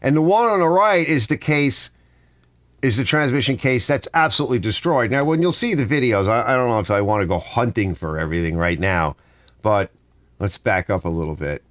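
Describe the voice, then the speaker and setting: Animated rambling man in a garage. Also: medium pitch, fairly quick, no room sound. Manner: rambling, animated storytelling with mimicked dialogue. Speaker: garage channel host. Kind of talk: casual livestream chat. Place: home garage workshop.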